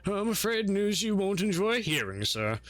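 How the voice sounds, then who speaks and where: A man's voice: sits high, very animated, normal speed, fairly bright tone, no echo, pitched above the performer's own voice. A man voicing a fussy, deferential male servant who speaks with stiff formality. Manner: stiff, overly formal, bowing.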